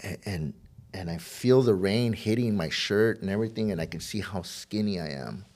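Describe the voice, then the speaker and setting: As a podcast guest, a middle-aged man with a very low, deep voice shares his personal story of addiction and recovery at a normal speed, his tone a little mellow. He rambles, circles back, repeats words, and acts out old conversations when he quotes them.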